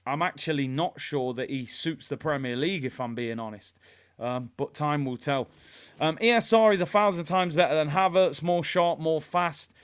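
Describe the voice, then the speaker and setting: Animated man talking football. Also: fairly high pitch, moderate pace, clear, resonant tone. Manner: animated, opinionated, reads chat comments aloud. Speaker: fan channel host. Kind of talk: casual football commentary.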